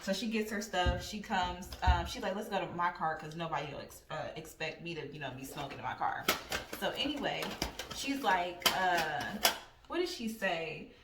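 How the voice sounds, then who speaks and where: A young woman vlogger telling a casual, profane story in a blunt, animated way. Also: fairly low pitch, moderate pace, very noisy. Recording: roomy sound from a distant mic.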